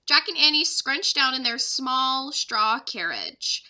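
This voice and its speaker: A woman's voice: high-pitched, slow pace. A young woman, a third-grade teacher, expressively reading a children's chapter book aloud to her class. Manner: expressive storyteller.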